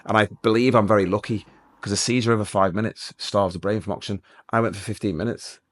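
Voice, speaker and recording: A man's voice: lowish voice, fast talker. A middle-aged man, a police sergeant telling his story in a casual interview, acting out the dialogue. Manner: lively anecdotal, acts out dialogue.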